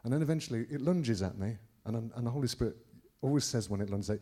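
A middle-aged Englishman preaching by telling a personal story, rambling with many restarts and sudden jumps in loudness. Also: medium pitch, fast talker, breathy edge. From England. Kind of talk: anecdotal preaching to a congregation.

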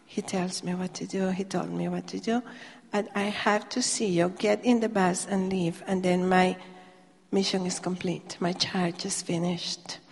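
A woman voicing an eager, curious male angel guardian who gets excited and speaks with a rising voice. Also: on the low side, a little slow, creaky. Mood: firm. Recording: long hall reverb.

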